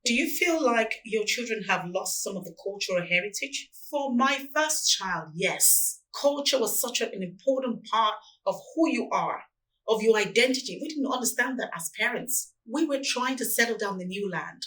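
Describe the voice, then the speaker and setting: A woman's voice: fairly high pitch, normal speed. Woman, Nigerian accent, forties, interviewee, earnest, slightly distant mic. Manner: earnest, animated storytelling. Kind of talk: reflective interview answers.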